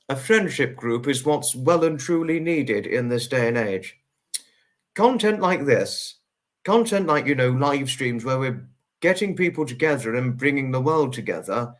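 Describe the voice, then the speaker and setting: A man hosting a live stream, greeting viewers one by one and thanking them at length, repeating himself and drawing out names. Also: medium pitch. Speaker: livestream host.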